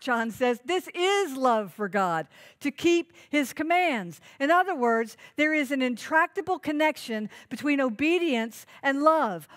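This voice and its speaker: A woman's voice: high-pitched, fairly bright tone. A woman pastor preaching a sermon in an earnest, emphatic way, asking the congregation rhetorical questions.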